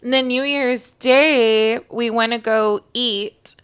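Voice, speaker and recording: Casting note: young woman co-host, chatty storyteller, fairly high and bright. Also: steady tone, slow pace, clean tone. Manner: chatty, lots of "like" fillers, casual swearing. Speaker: podcast co-host. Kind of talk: casual storytelling chat.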